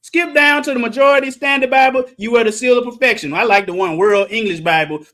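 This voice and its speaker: A man leading an animated Bible study, preaching with shouted exclamations and joking asides. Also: very high voice, quick pace, hardly any pauses. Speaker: Bible teacher.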